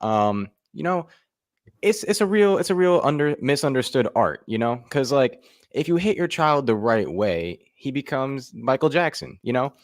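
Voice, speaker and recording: A man's voice: mid-range voice, big pitch swings, moderate pace, no room sound, clean studio sound. A young man doing a loose stand-up routine with lots of fillers, rambling from one joke to the next. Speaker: comedian contestant.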